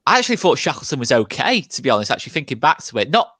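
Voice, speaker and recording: A man's voice: mid-range voice, sing-song, very fast, pushed and bright. A man hosting a casual football fan chat, asking long, rambling questions full of restarts. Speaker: fan channel host.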